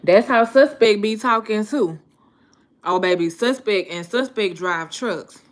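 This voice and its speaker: Slow-talking woman in her thirties. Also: medium pitch. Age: 30s. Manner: relaxed storytelling with slang. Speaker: vlogger. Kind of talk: casual chat to viewers.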